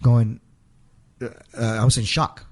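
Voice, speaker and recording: A man being interviewed, recounting events in a halting way, repeating his words as he relives each moment. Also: medium pitch, little pitch movement. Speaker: guest, wrestler. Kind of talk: casual storytelling interview.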